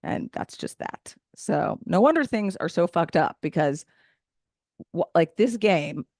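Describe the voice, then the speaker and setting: A woman in her thirties works through a stand-up comedy set with a loud, brash and opinionated delivery. Her pitch sits in an ordinary middle range. The sound is dry and close, with little room around it. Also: expressive, measured pace, no echo. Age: 30s. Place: event stage.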